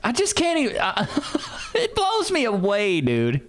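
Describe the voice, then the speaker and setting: A man's voice: sits high, huge pitch swings, a little slow. A man hosting a reaction video, giving scoffing, slangy, sarcastic commentary on a clip.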